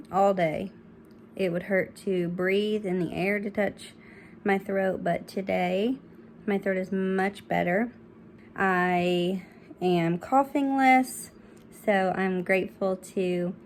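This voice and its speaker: A woman's voice: medium pitch, a little hiss or hum. Breathless woman vlogging. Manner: conversational, candid, chatty with fillers. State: short of breath. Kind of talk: casual health vlog to camera.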